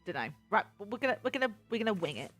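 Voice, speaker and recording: A woman's voice: medium pitch, big pitch swings, racing, a bit bright, soft background music. A woman hosting a gaming channel, chatting and giggling to herself as she plays. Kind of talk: game playthrough commentary.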